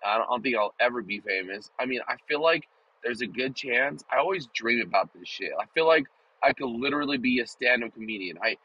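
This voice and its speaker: A man's voice: medium pitch, lively intonation, brisk, slightly rough, dry recording, dull audio. A man vlogging in a rambling, joking, profane casual monologue. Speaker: vlogger and podcaster.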